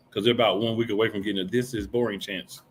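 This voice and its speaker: A man's voice: fairly low pitch, fairly bright tone, slight background noise. A man co-hosting a casual wrestling podcast, blunt and dry with a sarcastic edge. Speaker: podcast co-host.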